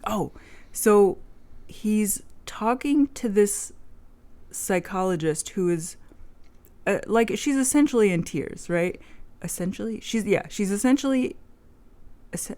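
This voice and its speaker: A woman's voice: mid-range voice, lively intonation, unhurried, pauses often, darkish tone. A young woman in casual chat, rambling with lots of "like" fillers and frequent swearing. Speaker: vlogger.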